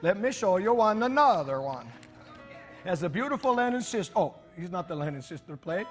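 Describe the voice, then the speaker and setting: A man's voice: sits high, very animated, brisk, faint music behind. A man preaching a sermon in church, reading scripture aloud with joking asides to the congregation. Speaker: pastor.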